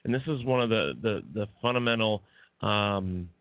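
A man's voice: lowish voice, normal speed, dry recording. Male co-host, teasing and rambling, dry phone-quality audio. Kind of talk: casual chat.

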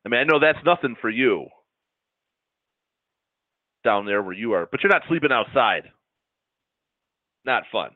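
A man's voice: medium pitch, animated, measured pace, long pauses, dry recording. Dry-humored man, phone-like audio. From central Wisconsin. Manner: dry, wry joking. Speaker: podcast co-host. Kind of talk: casual chat. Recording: tinny phone-like sound, dry.

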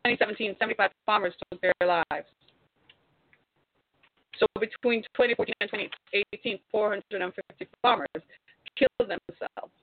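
A woman with a medium-pitched voice speaks at a moderate pace, pausing often. As a commentator, she delivers an impassioned, preachy monologue straight to viewers, exhorting them and piling on rhetorical questions. The recording has a tinny, phone-like quality.

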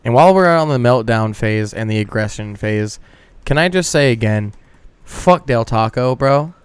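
A man in his thirties hosting a casual podcast, swearing freely and ranting with animated, worked-up energy. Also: medium pitch, moderate pace, clean tone, no room sound. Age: 30s. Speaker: podcast host.

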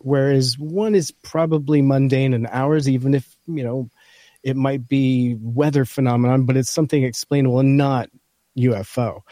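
Male podcast co-host, scratchy and mellow, reads an article aloud point by point, dry close sound. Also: medium pitch, no echo. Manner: talks through a list point by point. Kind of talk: casual chat, reading from an article.

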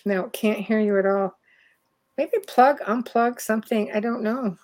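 A woman's voice: on the high side, measured pace, darkish tone. A middle-aged Canadian woman hosting a casual chat over a video call, talking freely and laughing often. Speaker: host.

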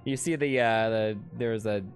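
Low-voiced man in casual chat. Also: normal speed, soft background music. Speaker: co-host.

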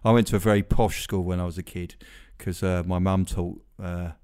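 A man's voice: low voice, fairly even intonation, a little fast, a little mellow, smooth. A man hosting a podcast, chatting casually in a rambling way with self-deprecating asides. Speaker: podcast host. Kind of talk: casual chat.

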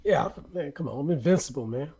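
A man's voice: fairly high pitch, expressive, brisk, warm tone, slightly rough, no room sound, studio quality. A man co-hosting a podcast, teasing and joking with the others. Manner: teasing, playful. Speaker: podcast co-host. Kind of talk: casual podcast banter.

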